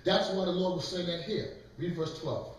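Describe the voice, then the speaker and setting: A man's high-sitting voice, at a moderate pace, lectures emphatically as he preaches and leads a scripture class, inviting others to read. The recording is echoey, with the mic placed far off.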